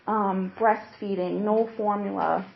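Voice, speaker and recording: A young woman, a new mother, recounting a distressing personal experience in a halting, earnest way with frequent restarts. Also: mid-range voice, fairly even intonation, vocal fry, a little hiss or hum. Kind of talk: emotional personal account. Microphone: hidden recorder. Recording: roomy, dull lo-fi secret recording.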